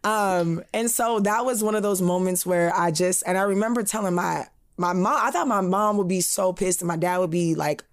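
A woman's voice: on the low side, normal speed, hardly any pauses. A young woman co-hosting a podcast, telling stories in a casual chat and acting out the voices of people she quotes. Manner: animated storytelling, acts out quoted voices, frequent laughs. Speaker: podcast co-host.

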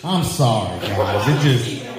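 A man's voice: on the low side, lively intonation, takes it slowly, over loud music. A man doing a loose, rambling stand-up set, laughing at his own jokes. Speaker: stand-up comedian. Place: club or hall with a live audience. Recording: echoey hall, noisy live room.

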